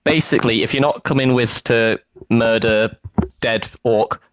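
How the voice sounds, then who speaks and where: A man's voice: mid-range voice, measured pace, a little hiss or hum, low-quality recording. A man playing a tabletop game, talking hesitantly and pleading politely in character. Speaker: player.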